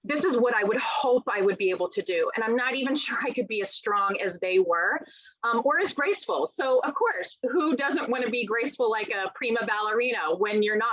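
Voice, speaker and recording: A middle-aged woman author in a conversational interview, telling lively stories and acting out quoted dialogue. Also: fairly high pitch, no echo. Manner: animated storyteller, acts out quoted dialogue. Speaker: author guest. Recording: dull, lo-fi sound.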